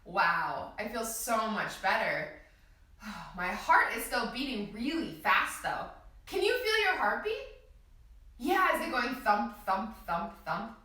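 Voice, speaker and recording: Bright, sing-song kids' yoga teacher, a woman; room echo, voice off-mic. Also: on the high side, sing-song, unhurried. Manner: sing-song, gently encouraging, speaks to small children. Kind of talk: children's yoga class instruction. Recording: echoey room, voice from a distance.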